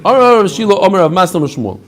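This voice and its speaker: A man teaching a lively Talmud class, mixing in Hebrew and Aramaic terms and acting out the rabbis' answers. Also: high voice, racing. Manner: animated, mixes Hebrew and Aramaic terms, acts out quoted answers.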